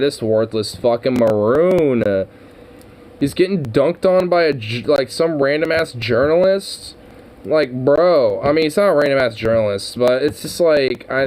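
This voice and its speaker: A man's voice: mid-range voice, darkish tone. Foul-mouthed young man ranting. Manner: swearing, mocking, laughing. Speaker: commentator reacting to a clip. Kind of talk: profane reaction commentary.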